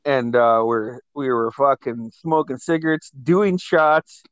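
Speaking slowly in a medium-pitched voice, a male host recounts wild party stories during a laid-back conversation, cursing openly and laughing along. The recording is dry, and the highs are cut off.

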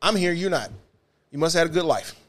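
A man with a Detroit accent, a former bus driver hosting a podcast, telling wild stories in a loud, profane, animated way that drops to mutters. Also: fairly high pitch, fast talker. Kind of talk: casual storytelling chat.

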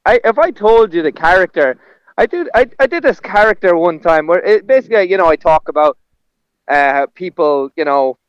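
A man who works as a stand-up comedian, talking in a relaxed, rambling way. His voice sits somewhat high and comes through smooth and clear. The recording is dry and a little dull. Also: moderate pace, no echo. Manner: rambling, with restarts and laughs. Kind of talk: casual conversation.

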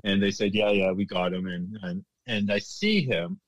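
A man's voice: deep voice, normal speed, no echo, low-quality recording. A man working as a bartender, telling stories casually in an interview, laughing often and restarting his sentences. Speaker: guest, former casino bartender.

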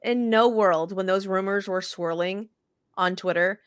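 Animated, profane woman chatting sports. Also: medium pitch, smooth, no echo, studio quality. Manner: animated, profane storytelling with fast restarts. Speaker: podcast co-host. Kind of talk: casual sports chat.

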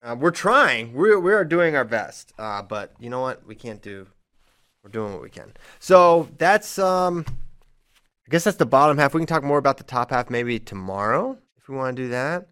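Man, co-host, casual chat, teasing jokey banter, middle pitch. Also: big pitch swings, normal speed, bright, forceful tone, smooth. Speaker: co-host of a wrestling show.

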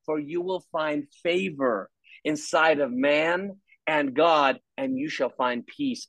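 Animated high-voiced preaching man. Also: takes it slowly, vocal fry, no echo, low-quality recording. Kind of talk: faith-based conversation.

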